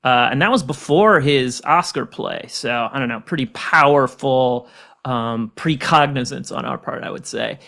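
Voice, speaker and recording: A man's voice: medium pitch, measured pace, creaky, fairly bright tone. A man hosting a comedy podcast, joking and rambling in a self-mocking way. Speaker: podcast host. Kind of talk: casual comedic podcast chat.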